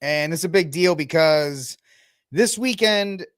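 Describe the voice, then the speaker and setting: Chatty podcast host, dry close sound. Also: male voice, fairly high pitch, slow pace, smooth, no room sound. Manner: chatty, rambling, talks to the audience while browsing the web. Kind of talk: casual solo commentary.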